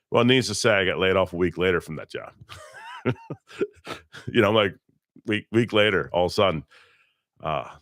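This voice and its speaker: Deep-voiced middle-aged man telling blunt work stories. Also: fairly bright tone, no room sound, studio quality. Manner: rambling, blunt, self-correcting. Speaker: interview guest, electrician. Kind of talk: casual storytelling.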